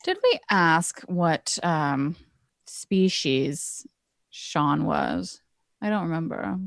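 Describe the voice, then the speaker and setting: A woman's voice: deep voice, extremely slow, gravelly. A woman player in a tabletop game who pushes bluntly for fighting.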